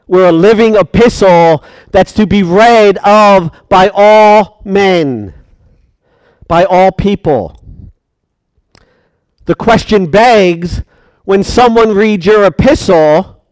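A man's voice: high voice, slow pace, long pauses, a little mellow, no room sound. A man preaching a sermon, emphatic and questioning his congregation.

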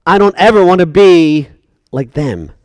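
High-voiced man preaching a sermon. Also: expressive, a little slow, no echo. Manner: emphatic, asks the congregation rhetorical questions.

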